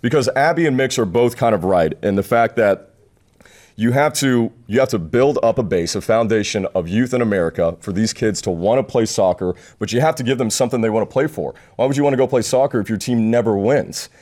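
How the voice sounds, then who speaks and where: Fast-talking man ranting about sports. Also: medium pitch, a little mellow. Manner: fast, fired-up, self-deprecating. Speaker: podcast co-host. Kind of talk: casual sports chat, ranting.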